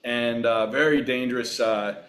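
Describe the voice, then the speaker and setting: A man's voice: mid-range voice, fairly even intonation, a little slow, fairly bright tone. Guy in his 60s, from long island, laid back rambling stories on a podcast, lots of uhs. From Long Island, New York. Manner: easygoing, rambling anecdotes with frequent fillers. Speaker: guest actor. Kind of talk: relaxed storytelling in a podcast interview.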